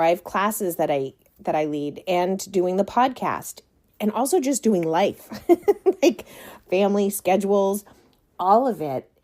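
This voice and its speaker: A woman hosting her own wellness podcast, talking in a soft, slow, reassuring way with small laughs. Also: on the low side. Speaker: podcast host and coach. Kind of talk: gentle reflective podcast monologue.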